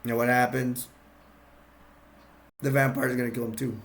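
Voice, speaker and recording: A man casually retelling a movie plot, rambling and excitable, with restarts and sound effects. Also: medium pitch, normal speed, gravelly. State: sugar-boosted, energetic. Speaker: movie recap vlogger.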